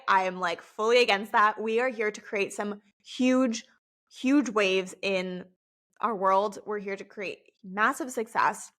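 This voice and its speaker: A woman's voice: medium pitch, fairly bright tone. A young adult woman hosting a podcast, talking through a topic in a casual, coaching way with lots of "like" fillers. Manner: conversational, frequent "like" fillers, coaching tone. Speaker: podcast host. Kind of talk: casual teaching monologue.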